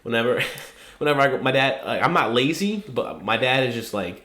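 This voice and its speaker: A man's voice: mid-range voice, animated, fairly quick, pushed and bright. A young man co-hosting a podcast, telling rambling stories in casual chat, swearing often and laughing as he goes. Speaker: podcast co-host. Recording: roomy echo.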